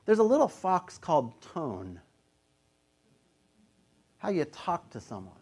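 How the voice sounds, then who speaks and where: A man's voice: on the high side, huge pitch swings, takes it slowly, pauses often, darkish tone, breathy edge. A man in his fifties, a pastor, preaching a sermon in a casual, conversational way, sometimes acting out the voices he quotes.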